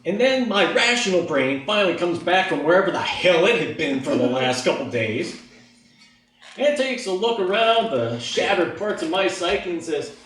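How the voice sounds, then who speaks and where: Animated man telling stand-up stories. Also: moderate pace. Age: adult, looking back on his teens. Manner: animated, acts out inner voices with big pitch jumps. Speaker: stand-up comedian. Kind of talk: stand-up storytelling. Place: stage in a hall with an audience. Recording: echoey hall, mic from far off.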